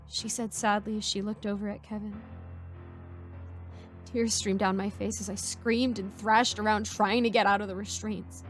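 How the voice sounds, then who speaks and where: A woman narrating a first-person horror story in an even storytelling manner. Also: mid-range voice, normal speed. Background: faint music.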